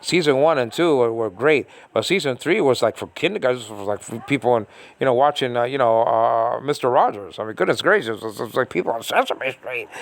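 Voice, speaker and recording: A man from the United States complains in a loose monologue from a small room at home, sounding exasperated and circling back on himself with fillers and restarts. The recording is dry, and his medium-pitched voice carries vocal fry.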